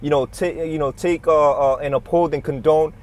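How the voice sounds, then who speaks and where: A man's voice: fairly high pitch, steady tone, moderate pace, darkish tone. A man preaching a heated, profane religious rant inside a moving truck, recorded on a phone. He talks in a repetitive, confrontational way. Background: engine and road noise.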